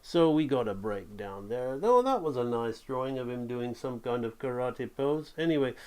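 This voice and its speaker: A man teaching animation drawing, talking along while he sketches, relaxed and checking in with "right?". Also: mid-range voice, moderate pace, clear, resonant tone. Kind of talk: drawing tutorial, thinking aloud.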